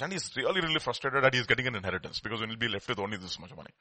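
A man preaching a sermon, swinging between quiet asides and loud emphatic lines, acting out the people in his stories. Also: medium pitch, rapid-fire, few pauses, no echo. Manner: animated preaching, acts out quoted dialogue, swings from quiet to loud. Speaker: pastor.

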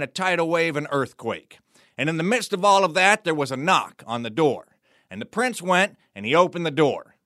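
Bright, folksy storyteller man. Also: on the high side, dry recording, studio quality. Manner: folksy, playful, wry asides. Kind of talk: performed folk tale narration.

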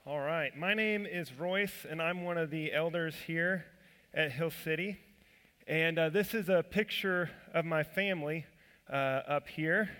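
A church elder delivers a sermon in the sanctuary like a casual story, his bright, forceful voice on the high side and his pace measured. He is self-deprecating, using fillers and restarting sentences, and the hall gives the recording a long reverb.

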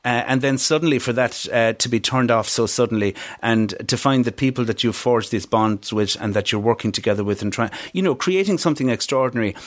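A man's voice: mid-range voice, fairly quick, few pauses. A man hosting an interview podcast who responds sympathetically and reflectively to his guest. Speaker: podcast host. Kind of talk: casual interview chat.

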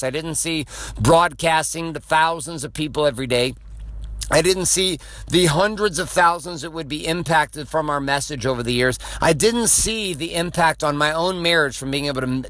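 A man's voice: on the high side, fairly bright tone, no echo. A middle-aged man delivering an intense, preachy motivational podcast monologue, swearing freely.

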